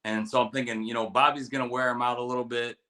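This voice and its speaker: A middle-aged man, a veteran co-hosting a casual show, telling stories and giving fight picks with lots of profanity and animated quoting. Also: medium pitch, fast talker. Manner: storytelling, profane, animated quotes. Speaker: podcast co-host, military veteran.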